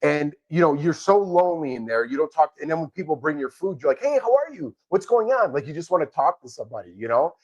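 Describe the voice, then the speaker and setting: A man's voice: on the high side, fast talker, few pauses. Man telling rambling sentimental stories. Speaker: co-host of a reality TV podcast. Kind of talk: casual live-stream chat.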